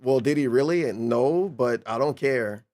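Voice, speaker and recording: A man's voice: medium pitch, normal speed, a little mellow. A man streaming a casual reaction commentary, sarcastic and incredulous, swearing freely as he mocks the clip.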